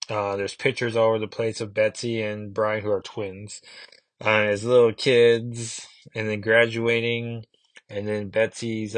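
A man's voice: lowish voice, a bit bright, dry recording. A man in his thirties chatting casually in a rambling way, reviewing comic books, with frequent fillers.

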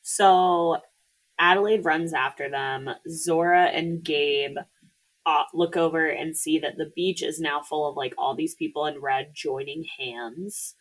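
A woman's voice: deep voice, steady tone, measured pace, low-quality recording. A woman in casual podcast chat, retelling a movie plot in a loose, chatty way with lots of filler words. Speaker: podcast co-host.

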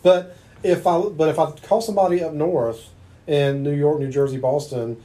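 A man's voice: on the high side, fairly even intonation, moderate pace, warm tone, a little hiss or hum. A man from eastern North Carolina with a Southern accent, interviewing a guest in a chatty, anecdotal way. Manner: chatty, affirming, tells anecdotes. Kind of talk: conversational interview.

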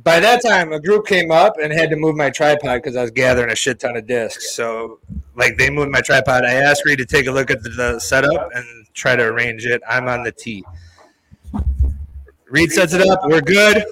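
Profane, animated storytelling man. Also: mid-range voice, moderate pace, no echo, low-quality recording. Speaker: podcast co-host telling a story. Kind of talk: casual storytelling chat.

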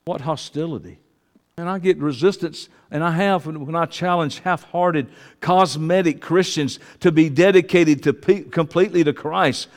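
A man preaching a sermon, swinging from loud preaching to hushed confiding asides in a church sanctuary. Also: fairly high pitch, moderate pace. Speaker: pastor. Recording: long hall reverb.

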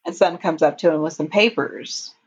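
A woman casually recapping a TV episode for a podcast, retelling the plot in an unhurried way with frequent ums. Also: low voice, a little hiss or hum. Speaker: podcast co-host. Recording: dull lo-fi audio.

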